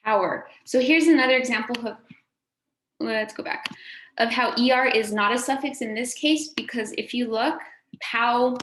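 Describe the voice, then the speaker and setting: A woman's voice: on the high side, moderate pace, a bit bright. A woman teacher giving a recorded phonics lesson to a class, encouraging and sing-song, drawing out words for the children to repeat. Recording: echoey room, faint background noise.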